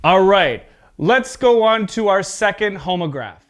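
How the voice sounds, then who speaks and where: A male English teacher gives a pronunciation lesson in a high, smooth, crisp voice. He speaks at an unhurried pace, repeating example words with exaggerated stress. He checks in with his students again and again. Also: animated. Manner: slow, deliberate explaining with frequent "okay?" check-ins.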